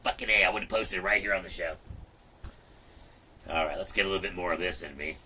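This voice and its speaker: Fast-talking and profane, a middle-aged man hosts a rambling, casual livestream punctuated by sudden loud outbursts. His slightly low voice carries a very bright, hard edge, picked up by a distant mic with slight background noise.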